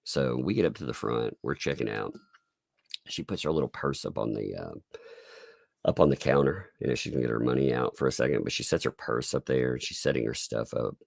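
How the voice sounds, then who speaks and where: A middle-aged man hosting a live-stream commentary, sarcastic and quick to laugh and swear, his voice congested from sinus trouble. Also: extremely low pitch, vocal fry, darkish tone, no room sound, studio quality. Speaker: online commentary host.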